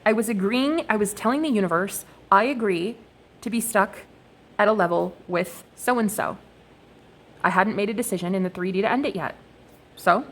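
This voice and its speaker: A woman's voice: medium pitch, normal speed. A young woman talking to her viewers in a casual, rambling, profane monologue while reading oracle cards. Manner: profane, expressive, animated storytelling.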